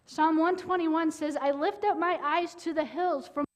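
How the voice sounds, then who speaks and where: A woman preaching a sermon in an earnest way, with dramatic pauses and sudden loud bursts. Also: very high voice, fairly even intonation.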